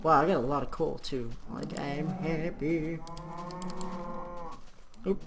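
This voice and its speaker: A man giving casual let's-play commentary while gaming, excitable, often exclaiming and swearing, with frequent laughter. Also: fairly high pitch, slow pace. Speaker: gaming video host. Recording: clear background noise.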